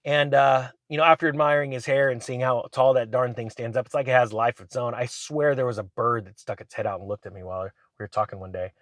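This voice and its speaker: A man, a finance YouTuber, telling a rambling, animated story in a casual vlog from inside his truck. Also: mid-range voice, quick pace, few pauses, no echo.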